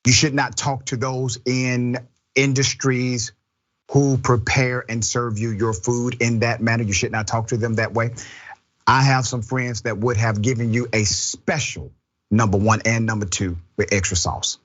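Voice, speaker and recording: A man's voice: medium pitch, unhurried, lo-fi sound. A man hosting a political talk show, delivering emphatic commentary. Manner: emphatic, lively. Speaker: host.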